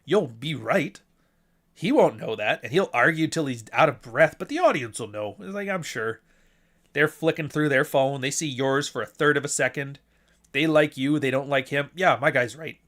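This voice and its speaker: A man's voice: medium pitch, expressive, normal speed, a bit bright. A man hosting a livestream, talking in a casual, blunt and profane rant. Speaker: podcast host.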